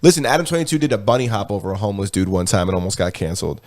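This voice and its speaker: A man's voice: on the low side, very fast, darkish tone. A man co-hosting a podcast, chiming in with blunt, joking asides in casual chat. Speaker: podcast co-host.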